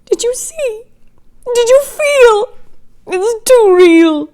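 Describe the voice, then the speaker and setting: A woman's voice: high voice, lively intonation, normal speed, darkish tone, pitched above the performer's own voice. A woman reading a story aloud, voicing a frightened, tearful housewife who pleads near tears. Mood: frightened pleading.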